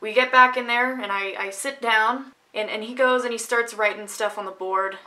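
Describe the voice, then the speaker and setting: A woman's voice: a little high, steady tone, moderate pace, bright, forceful tone. A woman vlogger telling a story from her own life in a casual, sarcastic, ranting manner.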